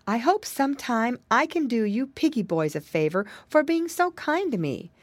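A woman voicing a brave young maiden in a children's story, earnest and bright. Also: a little high, very animated, normal speed, no room sound, voice pushed up. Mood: delighted.

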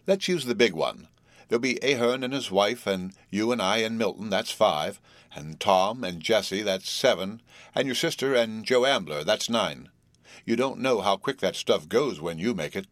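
A man's voice: lowish voice, expressive, normal speed, no room sound, lightly acted. A man playing a jovial, slightly tipsy middle-aged businessman who talks in a hearty, coaxing, stubborn way.

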